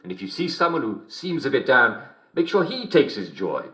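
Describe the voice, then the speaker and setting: A man's voice: mid-range voice, big pitch swings, moderate pace, fairly bright tone, reverberant. An actor playing a creepily upbeat male radio comedy host, who chuckles constantly between lines in an in-game radio broadcast. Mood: chuckling.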